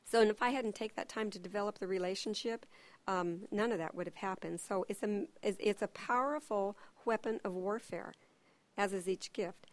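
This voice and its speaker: A middle-aged woman gives a sermon-style teaching full of personal stories. She tells them in an animated way and acts out the voices. Her voice sits at an ordinary pitch, and the sound is dry and close. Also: moderate pace, no room sound. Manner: animated storyteller who acts out quotes. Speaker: church ministry teacher.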